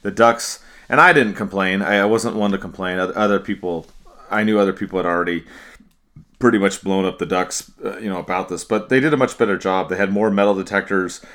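Lowish bright-voiced man stammering slightly. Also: fairly quick. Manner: hesitant, repeats words, relaxed. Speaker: podcast host. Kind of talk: casual podcast chat.

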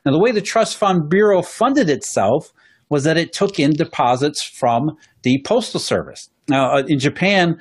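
A man's voice: on the high side, expressive, moderate pace, breathy edge. A man talking as a guest on a podcast, explaining economic history at length, often restarting and repeating words as he goes. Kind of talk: podcast conversation.

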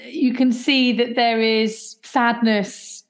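A woman's voice: fairly high pitch, steady tone, takes it slowly. A woman hosting a podcast interview, encouraging and effusive in her responses. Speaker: podcast host. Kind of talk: conversational interview.

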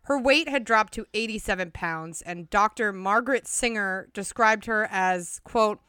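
A young podcast co-host retells a true-crime case from her notes, adding chatty asides and laughing often in this casual storytelling. Her mid-range voice is sharp, clear, and resonant, a little slow yet with hardly any pauses, recorded dry with clean studio sound.

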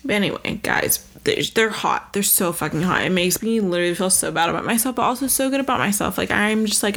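A woman's voice: mid-range voice, fairly quick, hardly any pauses, a bit bright. A woman hosting a solo podcast, chatting in a rambling, profane, self-mocking way. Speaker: podcast host. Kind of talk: casual solo podcast chat.

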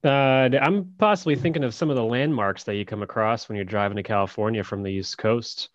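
A man's voice: lowish voice, a little fast, muffled recording. A man co-hosting a podcast, chatting casually and thinking aloud with some hesitation. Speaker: podcast co-host. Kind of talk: casual chat.

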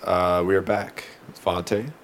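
Lower-voiced joking man, noisy clicks behind. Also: little pitch movement, a little slow. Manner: jokey, stumbling restarts. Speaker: podcast co-host. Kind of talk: casual podcast chat. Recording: audible background noise and clicks.

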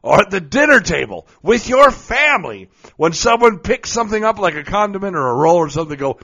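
A man's voice: high voice, big pitch swings, brisk, few pauses, pushed and bright. A middle-aged man talking casually and playfully, joking and laughing often as he gives advice on being goofy. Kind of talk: casual monologue. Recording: dull lo-fi recording.

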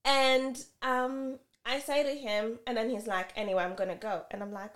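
Animated woman podcast co-host telling a story. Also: a little high, normal speed, hardly any pauses. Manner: animated storytelling, acting out both sides of an argument. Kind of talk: casual podcast chat.

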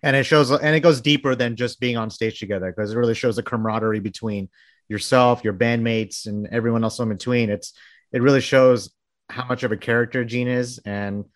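A man's voice: medium pitch, steady tone, brisk, dry recording. Enthusiastic male podcast host, dry sound. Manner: enthusiastic, long wordy questions. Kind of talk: casual interview chat.

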